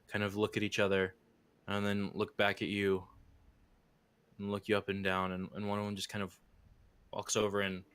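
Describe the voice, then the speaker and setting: Rambling low-voiced man as game master. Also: fairly bright tone. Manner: rambling, many fillers and restarts. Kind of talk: narrating a tabletop game.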